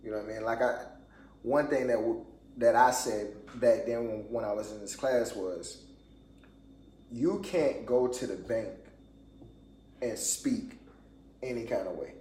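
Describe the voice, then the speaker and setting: A man's voice: mid-range voice, measured pace, pauses often, dark tone, a little hiss or hum. A man in casual podcast chat with a mid-range voice, speaking conversationally and often checking in with "you know what I mean". The room sounds echoey around him, and he laughs easily. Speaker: podcast co-host.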